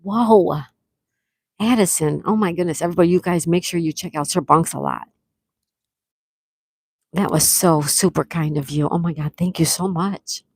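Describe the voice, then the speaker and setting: A woman hosting a live stream, reading chat comments and excitedly thanking viewers, with frequent gasps. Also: fairly low pitch, moderate pace, pauses often, slightly rough, no echo. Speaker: livestream host.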